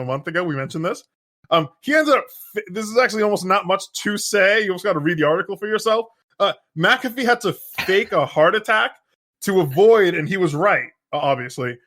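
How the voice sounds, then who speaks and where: A man's voice: on the high side, bright, forceful tone. A man co-hosting a podcast, easygoing, laughing often and retelling a news story with many fillers. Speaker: podcast co-host. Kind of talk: casual political podcast chat.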